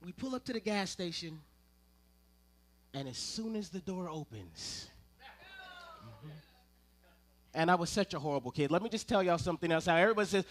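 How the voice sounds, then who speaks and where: Bright-voiced, lively storytelling preacher man. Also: sits high, fairly quick, pauses often. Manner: animated, humorous storyteller with asides to the congregation. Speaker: ministerial intern preaching. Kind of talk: sermon with personal storytelling. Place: church service before a congregation.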